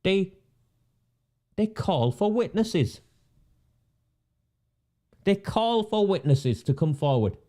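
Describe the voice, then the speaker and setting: A man's voice: high-pitched, big pitch swings, slow, pauses often, mellow. A man, delivering a sarcastic, indignant rant and repeating phrases for emphasis. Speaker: independent political commentator. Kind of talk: ranting monologue.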